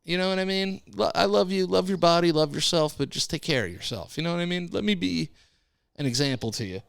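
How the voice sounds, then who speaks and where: A man's voice: high-pitched, fast, vocal fry, fairly bright tone, clear, resonant tone, no echo, clean studio sound. Rambling laid-back male podcast host. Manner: rambling, swears freely, laid-back storytelling. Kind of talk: casual monologue.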